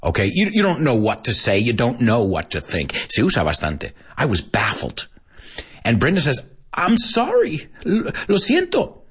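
A man with a low, husky voice runs an English lesson, explaining each new word in Spanish as well. His delivery is highly animated, and his pitch leaps up and down as he goes. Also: moderate pace. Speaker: English teacher. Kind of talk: bilingual language lesson.

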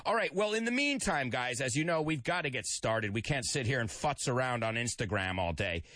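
Animated radio host, bright voice. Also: male voice, mid-range voice, a little fast, no room sound. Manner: animated, reads listener comments aloud, mixes in Spanish. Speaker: radio show host teaching English idioms. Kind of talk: lively radio show chat.

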